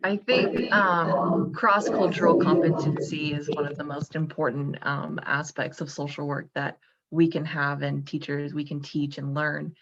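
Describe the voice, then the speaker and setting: A woman's voice: deep voice, steady tone, measured pace, muffled recording, noisy background. A young woman, a social work student, earnestly asking interview questions with a few hesitations.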